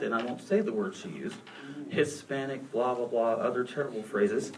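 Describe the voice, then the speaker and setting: A man's voice: mid-range voice, animated, moderate pace. A man from Texas, speaking as a panelist, telling a frank personal story with self-deprecating jokes. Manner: candid, joking, self-deprecating. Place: movie theater. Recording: distant room mic with faint noise.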